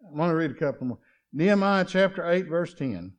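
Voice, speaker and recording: A man preaching a sermon, swinging between loud exclamations and quiet, chuckling asides. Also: fairly high pitch, lively intonation, brisk.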